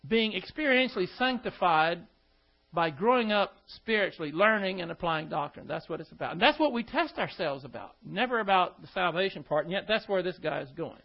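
A man with a high voice preaches a sermon. He keeps asking his listeners pointed rhetorical questions and throws in scornful asides. The recording sounds dull and lo-fi.

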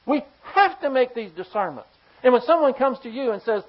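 This pastor's sermon is forceful and brisk, delivered in an animated, mid-pitched voice as he fires pointed rhetorical questions at the congregation. The audio comes across slightly dull and lo-fi.

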